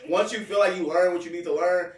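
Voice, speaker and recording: Laid-back young rapper in a roomy space. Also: male voice, high-pitched, fairly even intonation, fast talker. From California. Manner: laid-back slangy storytelling, swearing. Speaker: rapper guest. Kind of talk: casual interview chat. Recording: roomy, off-mic distant sound.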